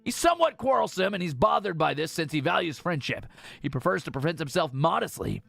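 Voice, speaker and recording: Animated gravelly male game streamer. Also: on the high side, a little fast, faint music behind. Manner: animated, reads game text aloud with excited asides. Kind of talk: casual gameplay commentary.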